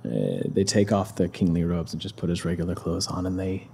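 Husky man retelling a scripture story. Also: deep voice, big pitch swings, fairly quick, mellow. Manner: conversational, with many fillers and restarts.

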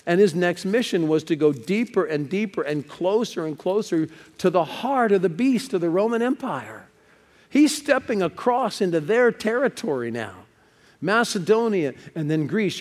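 A man's voice: high voice, darkish tone, in a large hall. A male pastor preaching a sermon, telling stories with building urgency.

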